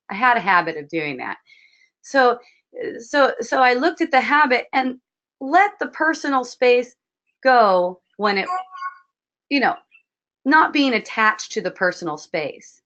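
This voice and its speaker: Gentle woman teacher on muffled audio. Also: on the high side. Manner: gentle, reflective, repeats phrases. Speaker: spiritual teacher. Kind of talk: online wisdom dialogue, advising. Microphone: online session audio.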